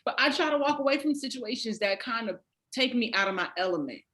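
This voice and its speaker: A woman's voice: a little high, expressive, fast talker, a bit bright. A woman hosting a casual chat, laid-back and slangy, laughing easily. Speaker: podcast host.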